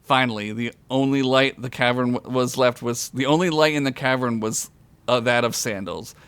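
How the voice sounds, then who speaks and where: A man with an average-pitched voice reads his own raunchy comedy story aloud for a podcast. He keeps breaking off for self-mocking asides and laughs. The sound is dry and close. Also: normal speed, a bit bright, smooth, no echo. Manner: crude, self-mocking asides, often laughing mid-sentence. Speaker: podcast co-host telling a story. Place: podcast recording.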